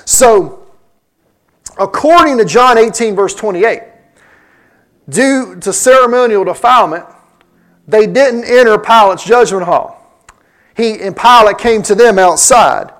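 A man with a high voice preaches a sermon. He walks through scripture verse by verse and acts out the lines he quotes. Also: unhurried, pauses often, a bit bright, rough recording. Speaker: pastor. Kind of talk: sermon teaching.

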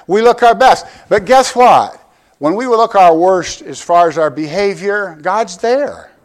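An older male pastor delivers his sermon in a chatty, humorous way, peppering it with questions to the congregation. His voice sits slightly higher than most men's. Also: expressive, unhurried. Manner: conversational preaching with humor and rhetorical questions.

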